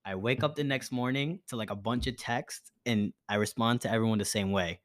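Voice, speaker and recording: A man's voice: mid-range voice, fairly quick. Young guy podcast host, rambling party story, says like a lot, swears. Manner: animated storytelling, lots of filler "like", swearing. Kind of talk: casual chat.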